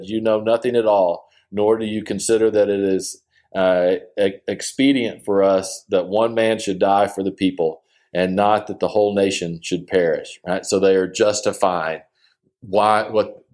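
Leading an informal Bible study, this man gives casual commentary on a scripture passage in a somewhat low, slightly mellow voice. He speaks loosely and earnestly, full of enthusiasm for the text, often pausing on "uh" and starting sentences over as he thinks aloud.

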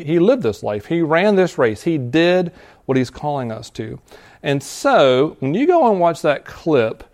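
A man's voice: mid-range voice, a little mellow. A male pastor giving an earnest, conversational sermon to students, reading scripture and explaining it. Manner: earnest, conversational preaching with restarts and quick laughs.

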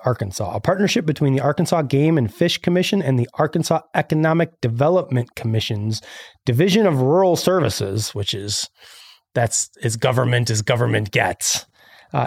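Gravelly sarcastic podcast host. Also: male voice, a little high, darkish tone, no room sound, clean studio sound. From Illinois. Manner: sarcastic, ranting. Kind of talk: casual podcast chat reading news.

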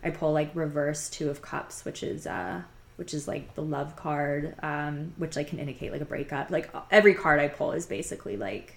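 A woman's voice: sits low, moderate pace. A young woman casually telling a personal story, rambling and candid, with many fillers. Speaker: podcast host telling her own story.

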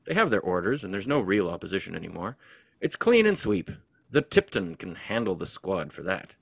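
A wry squad leader answers offhandly in a lowish voice that climbs when he pushes a question, as a man reads him aloud. The sound is close and dry. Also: very animated, a little fast, gravelly, husky, dry recording, heavily acted.

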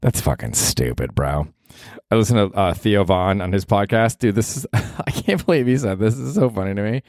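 A man's voice: fairly low pitch, lively intonation, a little fast, a little mellow, no echo, studio quality. A young man hosting a casual solo podcast from his small apartment, rambling and cursing and laughing at himself often. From United States. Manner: rambling, profane, self-deprecating, laughs often. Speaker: podcast host.

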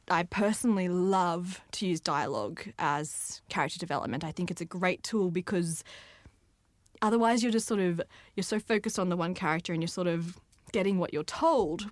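A woman's voice: fairly low pitch, no room sound. A young woman, an author answering interview questions in a bubbly, chatty way with frequent laughs. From Australia. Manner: bubbly, laughs often, lively asides. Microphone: studio microphone.

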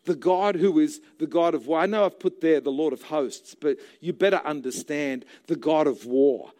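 Male pastor, high-pitched, passionate sermon delivery with shouted peaks. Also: moderate pace. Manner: impassioned, rising to shouts. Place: church.

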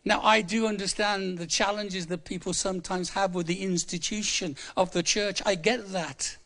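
A preacher aged seventy-five, in his 70s and from England, delivers a humorous sermon in church in a conversational style. His high voice is steady and a bit bright, at a moderate pace, and he repeats words for emphasis.

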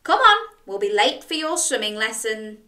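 Woman reading a firm storybook dad, matter-of-fact and brisk, bright tone, distant roomy pickup. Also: on the high side, big pitch swings. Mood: dismissive. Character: sensible dad, firm and hurried.

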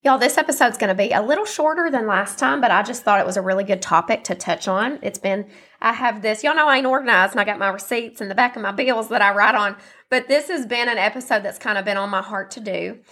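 A woman's voice: mid-range voice, quick pace, pushed and bright. Woman, 30s-40s, solo podcast host; chatty and encouraging, voice scratchy and muffled with allergies. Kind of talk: casual solo podcast chat.

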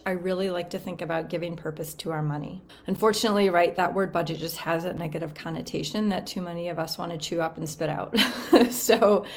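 Breathless woman hosting a podcast, lowish voice. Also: darkish tone. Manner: upbeat, chatty, uses "right?" often. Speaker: podcast host and financial coach. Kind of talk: solo podcast talk.

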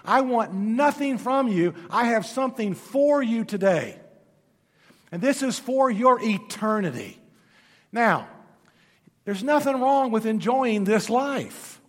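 A male pastor preaching a sermon and telling stories, moving between loud emphatic lines and hushed, low passages. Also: expressive, slow. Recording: long hall reverb.

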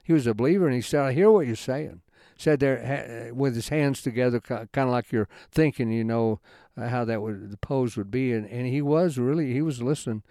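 A man giving an informal Bible study talk in a folksy, rambling way, halting often and restarting his sentences. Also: medium pitch, dark tone, no echo, clean studio sound. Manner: folksy, conversational storytelling. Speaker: Bible teacher.

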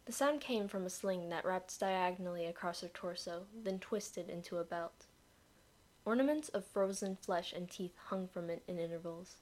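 A woman narrating a dark fantasy story in a measured, expressive reading. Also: fairly low pitch.

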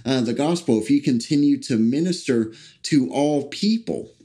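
A man preaching a sermon, speaking haltingly with many fillers and restarts and slowing down to read scripture aloud. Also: mid-range voice, dark tone.

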